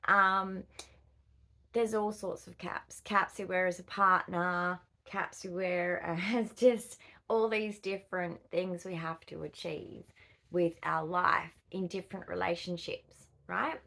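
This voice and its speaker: This middle-aged vlogger from Australia speaks with an Australian accent in a fairly low, gravelly voice with a sharp tone, unhurried and fairly even in intonation. Talking casually to camera, she wanders off topic easily, laughing and using lots of fillers.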